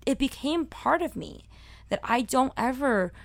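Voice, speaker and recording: Talkative Brooklyn woman in her thirties, loud and emphatic, slightly gravelly voice, dry close recording. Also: high voice, animated, unhurried, no echo. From Brooklyn, New York. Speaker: food video host and cook. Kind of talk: personal reflective monologue.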